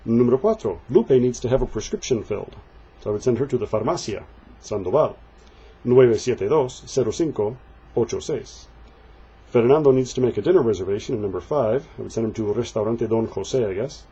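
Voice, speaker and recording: Man slowly teaching Spanish numbers. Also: medium pitch, animated, mellow, breathy edge. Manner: slow deliberate counting and drilling. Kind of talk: textbook walkthrough lesson. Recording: dull lo-fi home recording.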